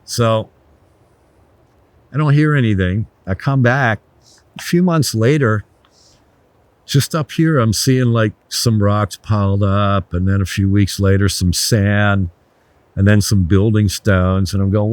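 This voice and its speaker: A man's voice: on the low side, slow pace, long pauses, no echo. Older guy spinning blunt stories, cusses a lot, dry close sound. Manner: blunt, swears, animated anecdotes. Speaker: guest, resort founder. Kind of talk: casual storytelling interview.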